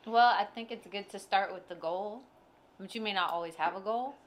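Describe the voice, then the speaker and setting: A woman's voice: medium pitch, normal speed. A woman co-hosting a casual chat, asking probing questions and pushing back when things don't add up. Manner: probing, challenging, pushes back. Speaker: co-host, interviewer.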